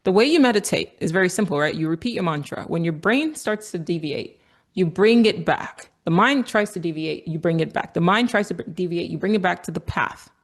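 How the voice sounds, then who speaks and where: A woman's voice: lowish voice, lively intonation, a little fast, hardly any pauses. A woman from Nigeria telling a story in an earnest, reflective monologue. She repeats phrases for emphasis and swears casually. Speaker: vlogger. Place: outdoors on a walk.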